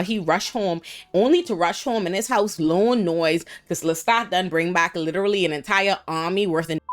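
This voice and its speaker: A woman rattles through a TV episode recap in casual, profane talk, acting out quotes from the characters. Her voice sits in a middle pitch. Faint music runs underneath. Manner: animated, profane storytelling with many voiced quotes. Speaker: recap vlogger.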